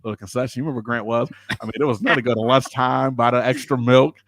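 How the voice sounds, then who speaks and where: A man and pastor telling a personal story casually, animated and informal, acting out the people he quotes. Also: medium pitch, quick pace, no echo.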